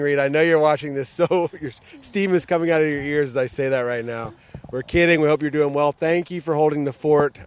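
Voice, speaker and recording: A man's voice: medium pitch, clean tone. An American man hosting a casual sports podcast outdoors, upbeat and joking, with many fillers. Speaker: podcast host. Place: outdoors at a training ground.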